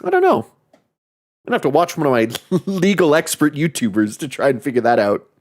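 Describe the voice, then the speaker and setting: Male horror-game streamer, lively swooping delivery, profane and jokey. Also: mid-range voice, a little fast. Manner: profane, joking, often laughing and reacting loudly. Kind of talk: casual gaming commentary.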